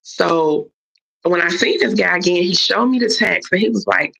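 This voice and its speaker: On a live stream, a woman casually tells a long story, animatedly acting out other people's lines. Her lowish voice moves at a normal speed with vocal fry and a breathy edge, and the stream audio is dull and lo-fi.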